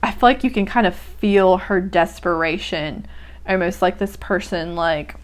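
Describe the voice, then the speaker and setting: A woman's voice: lowish voice, unhurried. A young woman reading a poem aloud and musing over its lines in a casual, reflective way. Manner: reflective, musing, many "like" and "um" fillers. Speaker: poetry podcast host. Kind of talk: casual poetry reading and commentary.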